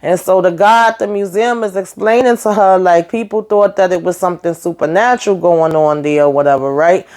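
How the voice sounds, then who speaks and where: A woman's voice: on the low side, a little fast, few pauses. A woman recapping a TV episode in a casual, chatty way. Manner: chatty, animated retelling with acted quotes and asides. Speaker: YouTube reviewer.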